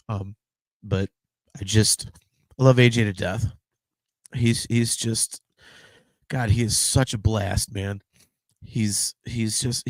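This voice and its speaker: A man in his fifties with a lowish voice, recorded dry and close on a host mic. He talks in a halting, emotional way, stumbling over and repeating his words, with a casual swear now and then. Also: no echo. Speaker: podcast host. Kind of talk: heartfelt birthday tribute.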